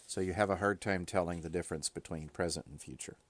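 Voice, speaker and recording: Guy going over greek grammar, real low voice, kinda thinking out loud, dry sound. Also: fast talker, dry recording. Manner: thinking aloud, informal, with fillers and self-corrections. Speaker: Greek teacher. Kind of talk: recorded grammar lesson.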